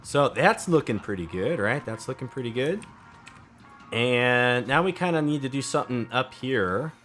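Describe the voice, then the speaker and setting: A man's voice: mid-range voice, expressive, moderate pace, fairly bright tone, faint music behind. A man in his thirties thinking aloud as he builds in a game, casual and chatty. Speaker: let's play host. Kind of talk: casual gameplay commentary.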